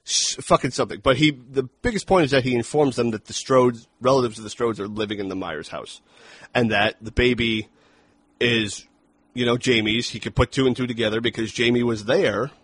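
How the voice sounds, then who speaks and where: A man's voice: mid-range voice, fairly quick, fairly bright tone, husky. A man co-hosting a film review podcast, talking casually and profanely, acting out lines from the movie. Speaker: podcast co-host.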